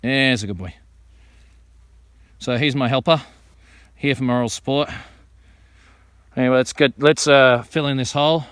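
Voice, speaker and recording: A tree-planting vlogger talks viewers through his outdoor work on hilly rural land in an easygoing, chatty show-and-tell. His smooth, clear voice sits at an ordinary middle pitch and keeps a moderate pace, recorded dry and close with no echo.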